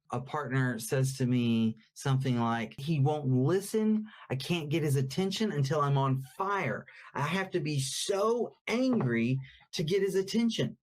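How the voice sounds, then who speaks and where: Man, therapist, educational talk, explanatory, casual fillers, medium pitch. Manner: explanatory, conversational with fillers and quoted examples.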